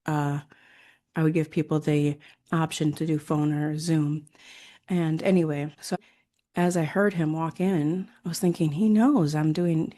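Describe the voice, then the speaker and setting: Low, mellow-voiced woman telling stories. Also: level tone, measured pace. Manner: rambling, with frequent fillers and self-corrections. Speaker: hypnotherapist and former nurse. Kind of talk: casual personal storytelling.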